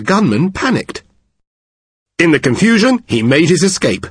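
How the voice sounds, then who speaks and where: A man reads short jokes aloud slowly, his voice a bit husky. His pitch ranges very widely as he tells the stories. The recording is dry and close. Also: no room sound. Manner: measured, expressive reading. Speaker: narrator and host. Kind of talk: scripted story narration.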